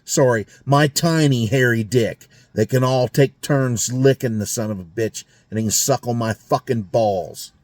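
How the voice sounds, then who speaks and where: A man's voice: medium pitch, unhurried, few pauses. A man ranting casually and angrily to camera in a garage, swearing constantly and grumbling about a failed car repair. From United States. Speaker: garage vlogger. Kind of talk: casual profane rant to camera. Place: home garage.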